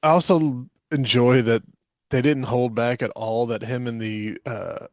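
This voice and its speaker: A man's voice: mid-range voice, steady tone, a little slow, dry recording. Male podcast co-host, loose and jokey, laughs a lot, mid-range voice, dry close sound. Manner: loose, joking, laughs often. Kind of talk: casual chat.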